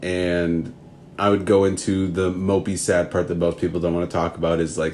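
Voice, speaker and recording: Deep-voiced earnest man. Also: level tone, moderate pace, a little mellow, a little hiss or hum. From Minnesota, US. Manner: earnest, rambling with many restarts. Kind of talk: reflective spoken answer.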